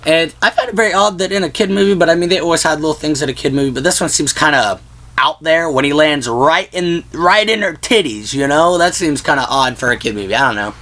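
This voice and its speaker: A man's voice: a little high, animated, fast, fairly bright tone. A man hosting a casual vlog, chatting about movies in a rambling way full of "like" and "whatnot.". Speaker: vlog host. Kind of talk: casual movie-list chat.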